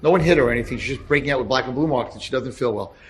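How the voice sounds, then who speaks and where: A rabbi telling a story to an audience, animated and acting out the lines of the people in it. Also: male voice, mid-range voice, rapid-fire, soft background music. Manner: animated, acts out dialogue. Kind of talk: storytelling talk.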